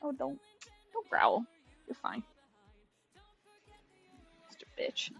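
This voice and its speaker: A young woman streams live while drawing, chatting casually, swearing freely, and laughing often as she talks to her cat. Her high voice swings widely in pitch, moves slowly, and sounds creaky, a bit bright, and breathy, with faint music in the background.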